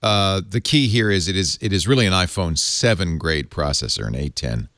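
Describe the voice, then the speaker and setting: Man, from Providence, podcast host, casual tech chat, jokey, lively pitch. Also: moderate pace, no room sound, studio quality. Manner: jokey, laughs often.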